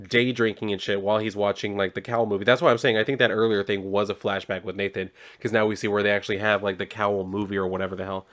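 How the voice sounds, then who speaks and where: A man's voice: lowish voice, a bit bright. A man casually recapping a comic book issue, rambling with lots of filler words and offhand swearing.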